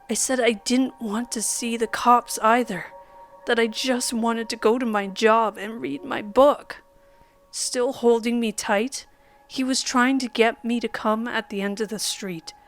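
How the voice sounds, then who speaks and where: A woman with a fairly high voice reads a horror story in a measured, dramatic way. She takes her time and sometimes sinks to a whisper. Soft music plays faintly behind her. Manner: measured, dramatic reading that drops to a whisper at times. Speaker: narrator. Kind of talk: scripted horror story narration. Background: faint background music.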